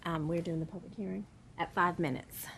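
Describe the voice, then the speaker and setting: A woman with a lowish voice states the rules for public comment at a county board meeting. She sounds procedural, with a few ums along the way. Faint hiss lies behind her voice. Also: fairly even intonation, fairly quick, vocal fry. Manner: procedural, with some fillers. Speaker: county attorney.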